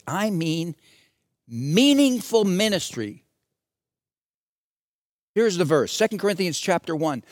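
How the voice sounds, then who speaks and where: A man preaching a sermon, telling a story dramatically and swinging from soft, low passages to loud, raised ones. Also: sing-song, slow pace, no echo, studio quality. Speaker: pastor.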